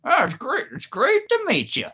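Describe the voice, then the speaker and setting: Man putting on a kind older gent, high and froggy, soft-spoken, lively and loud. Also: a little slow, heavily acted. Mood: friendly. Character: gentle older man with a high, frog-puppet-like voice.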